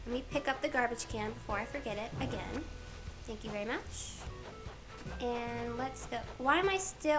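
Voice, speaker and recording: A woman's voice: on the high side, moderate pace, music in the background. A woman streaming a life-sim game, chatting casually and playfully while she plays and talks to the characters.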